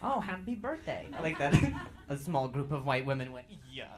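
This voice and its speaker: Stammering comedian doing crowd work. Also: male voice, medium pitch, very animated, moderate pace. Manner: stammering, playful teasing of audience members. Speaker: stand-up comedian. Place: comedy club stage. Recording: live club with loud crowd and noise.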